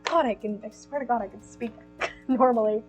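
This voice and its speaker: A woman's voice: on the high side, moderate pace, a little mellow, faint music behind, poor audio. A young woman streaming a story game, reading it aloud and reacting emotionally with giggles. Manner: emotional, giggly, easily moved.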